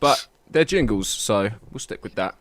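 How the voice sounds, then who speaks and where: A man's voice: lowish voice, expressive, moderate pace, a bit bright, dry recording. A man of about thirty, co-hosting a podcast in casual, swearing banter. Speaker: podcast co-host. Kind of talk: casual chat.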